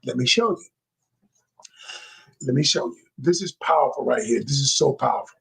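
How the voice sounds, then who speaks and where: A man's voice: medium pitch, lively intonation, normal speed, gravelly, fairly bright tone, breathy edge. A man coaching viewers on a live stream, talking emphatically and repeating his points like a preacher, addressing the audience as y'all. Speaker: communication coach. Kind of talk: live-stream teaching talk. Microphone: live-stream microphone.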